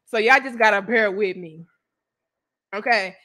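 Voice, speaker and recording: A woman host with a St. Louis accent giving loose livestream commentary, profane and animated, laughing often and answering viewer comments. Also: medium pitch, a little slow. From St. Louis, USA.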